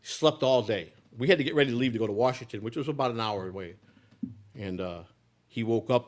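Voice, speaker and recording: A man's voice: medium pitch, brisk. A man in his sixties telling a long personal story in a live speech, rambling, with frequent restarts and repeated words. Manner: rambling, with many restarts and repetitions. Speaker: political candidate.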